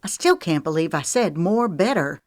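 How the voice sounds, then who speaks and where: A woman's voice: fairly low pitch, expressive, normal speed, no room sound, studio quality, lightly acted. A woman voicing a flustered, self-conscious young woman. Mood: embarrassed.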